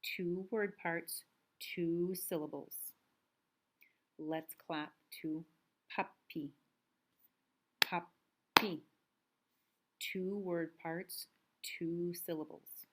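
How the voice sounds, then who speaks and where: A woman teaching first graders in a remote reading lesson, slow and sing-song, drawing out words. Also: fairly low pitch, steady tone, slight background noise. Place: home room, recording a video lesson.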